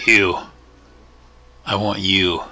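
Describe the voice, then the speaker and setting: A man's voice: deep voice, flat delivery, extremely slow, sharp tone. A man hosting his gaming channel, talking casually over gameplay and rambling with lots of fillers and trailing thoughts. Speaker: channel host.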